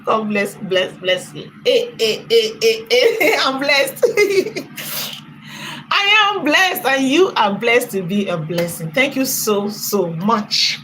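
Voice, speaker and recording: A talkative woman with a Nigerian accent hosts a casual live-stream commentary. Her voice sits a touch high and rings very bright and forceful, and she breaks into laughter often while gushing thanks at donors. A faint hiss of noise sits under the audio. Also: lively intonation, takes it slowly, low-quality recording.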